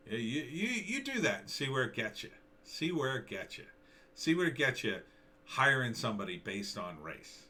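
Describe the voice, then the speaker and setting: A man's voice: mid-range voice, normal speed, bright, forceful tone. A middle-aged man giving opinionated, casual commentary, rambling and sarcastic, with lots of fillers and restarts. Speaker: commentary vlogger.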